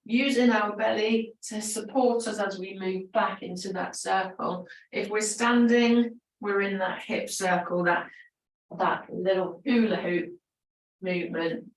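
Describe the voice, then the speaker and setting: A woman's voice: mid-range voice, steady tone, unhurried, far from the mic. Chatty woman leading an exercise class. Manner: encouraging, chatty, laughs often. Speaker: fitness instructor. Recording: roomy echo, voice from away from the mic.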